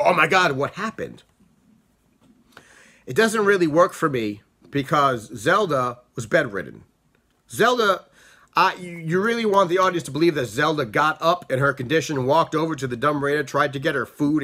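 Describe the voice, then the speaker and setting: A man giving a casual spoken review of a film, talking in an animated, rambling way with frequent restarts. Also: on the high side. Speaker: book and movie reviewer.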